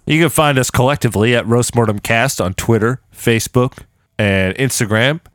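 A man's voice: medium pitch, normal speed, dry recording, clean studio sound. A drunk man co-hosting a comedy podcast, signing off in a playful host patter. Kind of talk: casual drunk banter.

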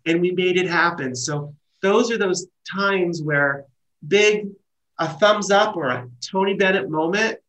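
A middle-aged man telling wedding stories in a relaxed, chatty way. His pitch sits a touch high, and he often restarts and trails off mid-thought. He comes across as an animated, seasoned planner. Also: unhurried, low-quality recording. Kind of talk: casual conversation.

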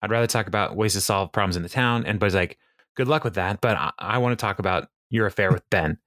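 A man's voice: on the low side, fast talker, fairly bright tone, no echo, studio quality. A man chatting casually on a podcast, retelling a TV episode with frequent laughs and fillers. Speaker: podcast co-host. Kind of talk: casual chat recapping a TV episode.

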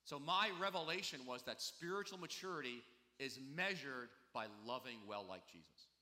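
A man's voice: mid-range voice, animated, normal speed, pushed and bright, big-room sound. A man preaching a sermon as pastor, in a conversational, confessional way with many asides.

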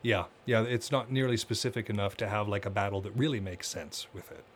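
A man co-hosting a podcast in casual chat, talking in a relaxed, loose way with frequent filler words. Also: lowish voice, fairly quick, a little hiss or hum. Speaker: podcast co-host.

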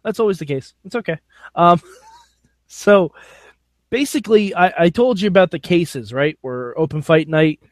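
Male podcast co-host, a bit higher pitched, lively wrestling recap, dry booth sound. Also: normal speed, no echo. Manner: animated, laughing, jokey storytelling. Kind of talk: casual chat.

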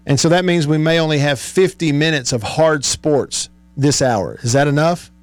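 A man talks casually into a studio mic as a radio host, reading out listener messages and laughing along. His voice sits a little high for a man, and the sound is close and dry. He gets worked up and animated when something annoys him. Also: moderate pace, no echo. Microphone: studio microphone.

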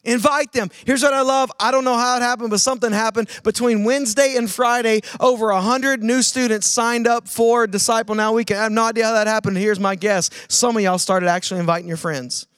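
A man preaching a sermon, calling on the audience to answer and swinging between loud urging and hushed emphasis. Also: extremely high pitch, steady tone, a little fast, few pauses, smooth, dry recording, clean studio sound. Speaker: pastor.

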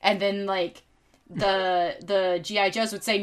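A woman's voice: medium pitch, unhurried, slight background noise. A woman co-hosting a podcast, telling a story in casual chat with plenty of swearing. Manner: animated storyteller, swears freely. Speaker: podcast co-host.

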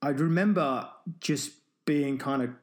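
A man's voice: fairly high pitch, measured pace. A man who is an endurance runner, telling a story as an interview guest, rambling with many restarts. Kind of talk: storytelling in conversation.

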